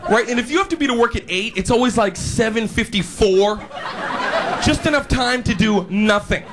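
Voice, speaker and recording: A young man performing a stand-up comedy routine, animated and quick to slip into put-on voices for the characters in his stories. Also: extremely high pitch. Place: stage before a live audience. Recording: live show with loud crowd laughter and noise.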